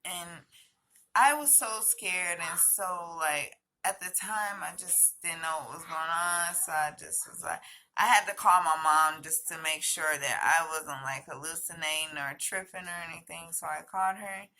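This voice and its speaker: A woman's voice: lowish voice, steady tone, measured pace, pushed and bright. A woman telling a personal story as a vlogger, hesitant, with many fillers and restarts.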